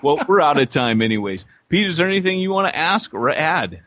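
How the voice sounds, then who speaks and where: A man's voice: a little high, big pitch swings, a little fast, fairly bright tone, muffled recording. A man co-hosting a podcast, talking casually and earnestly with his guest. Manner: earnest, then joking and laughing. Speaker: podcast co-host.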